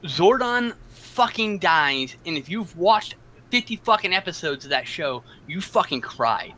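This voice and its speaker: A man's voice: sits high, sing-song, a little slow, bright, forceful tone, slight background noise, low-quality recording. A man in a casual chat, blunt and sarcastic, swearing freely.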